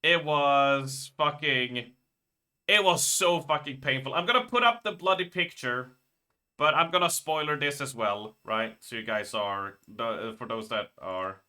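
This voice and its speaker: A man's voice: mid-range voice, unhurried, sharp tone, clear, resonant tone. A man streaming live, telling a rambling story in casual chat and swearing freely.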